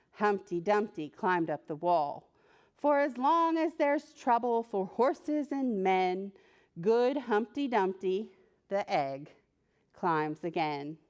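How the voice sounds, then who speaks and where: Here a children's librarian, a woman of medium pitch, animatedly reads a picture book aloud to preschoolers while posing questions to them.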